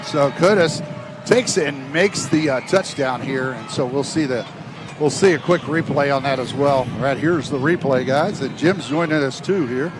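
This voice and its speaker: A man doing play-by-play commentary on a high school football game on a headset, talking loosely with lots of fillers and restarts. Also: moderate pace, noisy background. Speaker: play-by-play announcer.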